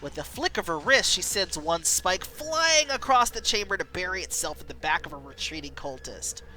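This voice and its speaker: A woman streamer reading a story game aloud, animated and quick. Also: lowish voice, faint music behind, poor audio.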